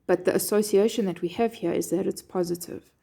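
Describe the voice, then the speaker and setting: A woman's voice: mid-range voice, steady tone, a little fast, creaky, dark tone, breathy edge. A woman teacher explaining a poem line by line, checking in with her students with a frequent "okay". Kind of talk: poetry lesson explanation.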